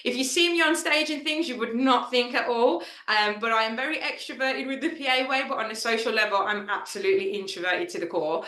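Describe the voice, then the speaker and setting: A woman's voice: a little high, brisk, hardly any pauses, bright, forceful tone, reverberant. A woman founder telling a personal story in a casual fireside chat, chatty and emotional, with lots of fillers. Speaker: founder of an assistant network, fireside chat guest.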